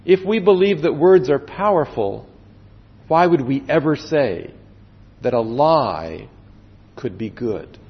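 A man's voice: mid-range voice, expressive. Earnest preaching man in a hall. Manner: earnest, with slow drawn-out emphasis and sudden drops to quiet. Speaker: pastor. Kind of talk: sermon. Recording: dull echoey hall sound.

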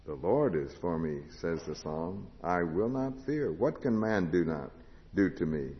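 Lower-voiced man preaching in a reverberant hall. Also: animated, measured pace. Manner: rises to loud proclamation, drops to hushed tones; asks the congregation questions. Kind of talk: sermon. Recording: lo-fi recording with long hall reverb.

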